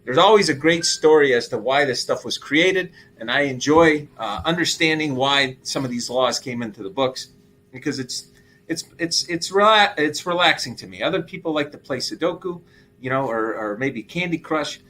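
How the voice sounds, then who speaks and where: A middle-aged man hosting casual market commentary, animated and exclaiming as he walks through figures. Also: a little high, moderate pace, slight background noise. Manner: animated, exclaiming and laughing at the numbers. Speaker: show host.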